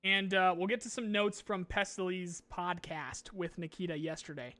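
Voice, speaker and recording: A man's voice: sits high, fairly even intonation, moderate pace, bright, forceful tone, no room sound. A young adult man hosting a gaming podcast in casual chat, ranting with lots of swearing and restarts.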